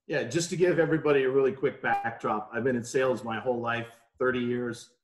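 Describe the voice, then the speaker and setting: A man's voice: medium pitch, fairly even intonation, fairly quick, roomy sound. A man in his forties, a podcast guest from New York, telling stories in a chatty, anecdotal way from his home. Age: 40s. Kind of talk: casual interview chat. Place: home room.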